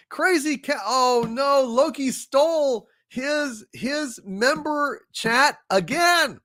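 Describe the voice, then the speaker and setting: A man hosting a casual livestream, reading viewer chats aloud and thanking viewers, effusive and apologetic, often halting with fillers. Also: high voice, a bit bright. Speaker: livestream host. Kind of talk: casual live chat, reading super chats.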